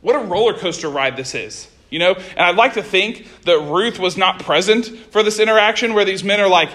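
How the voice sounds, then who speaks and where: A man preaching a sermon, reading scripture and retelling it in a conversational, animated way with casual asides. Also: high-pitched, normal speed.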